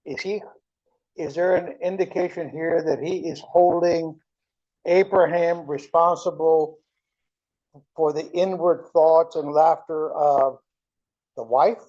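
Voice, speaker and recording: Male class member, hesitant questioner; mellow, slightly high voice. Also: steady tone, slow pace, long pauses, muffled recording. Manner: hesitant, searching for the right question. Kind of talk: question from the floor.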